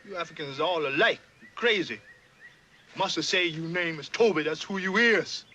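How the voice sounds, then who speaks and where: A man's voice: a little high, moderate pace, bright, forceful tone, slight background noise. An actor playing an older enslaved man who bossily drills a newcomer, in a heavy Southern dialect drawl. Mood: exasperated. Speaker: actor in a film scene.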